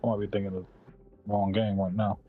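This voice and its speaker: Animated slangy man talking games. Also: lowish voice, quick pace, narrow, tinny audio, faint music behind. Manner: animated, slangy, swears freely. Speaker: guest. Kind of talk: casual gaming chat.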